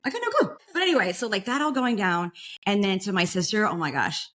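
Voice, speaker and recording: A young woman tells a long personal story in relaxed podcast chat. Her voice jumps up and down as she acts out what other people said, and her pitch sits in the middle for a woman. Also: brisk. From Florida. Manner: animated, acts out quoted voices. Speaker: guest.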